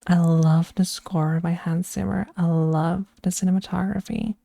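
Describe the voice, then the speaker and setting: Slow gravelly-voiced woman streamer. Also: on the low side, fairly even intonation, mellow, no room sound. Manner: unhurried and opinionated, with frequent restarts. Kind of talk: casual chat, ranking films.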